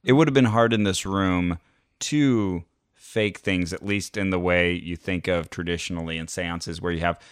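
Deep-voiced man, wry podcast co-host. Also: moderate pace, smooth, dry recording. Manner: dry, wry quips and deadpan asides. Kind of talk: casual chat.

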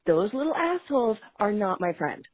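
A woman calls in to a show to tell a story, swearing freely and expressing herself. Her husky voice swings widely in pitch. She comes through a tinny, dry phone line. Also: big pitch swings, moderate pace, dry recording. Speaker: caller.

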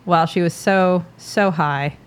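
Teasing older sister, podcast co-host. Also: female voice, on the low side, a little slow, clear, resonant tone. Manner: teasing, laughs often. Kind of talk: casual sister chat.

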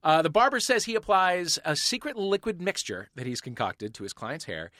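A man hosting a comedy panel podcast, running the game with animated, playful mock outrage. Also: fairly high pitch, moderate pace, dry recording, studio quality. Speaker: podcast host.

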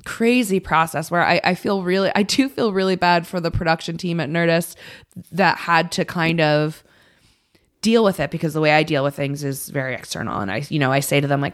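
A woman in her thirties appears as a podcast guest, chatting candidly and rambling, cursing freely and making fun of herself. Her voice is fairly low and she talks a little fast.

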